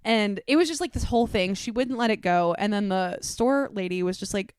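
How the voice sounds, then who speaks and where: Young woman host dishing stories to friends at dinner, clear voice, swears a lot. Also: mid-range voice, brisk, hardly any pauses, no echo, clean studio sound. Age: 20s. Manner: animated storyteller, swears freely. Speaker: podcast host. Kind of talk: casual chat among friends. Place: dinner table at home.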